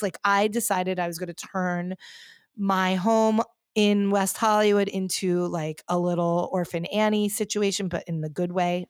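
A woman's voice: lowish voice, dry recording, clean studio sound. A woman hosting a podcast, chatting animatedly about pop culture with lots of fillers. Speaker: podcast host. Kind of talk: casual pop culture chat.

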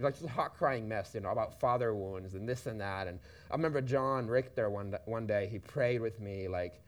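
A man's voice: mid-range voice, a little mellow. A man telling a personal story in a church talk, casual and checking in with listeners often. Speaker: church speaker. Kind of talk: shared sermon talk.

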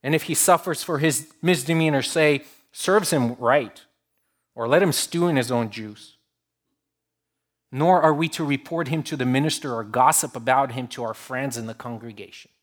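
A man preaching a sermon to his congregation, earnest and warm in delivery, swinging between emphatic rises and soft, drawn-out lines. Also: medium pitch. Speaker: pastor.

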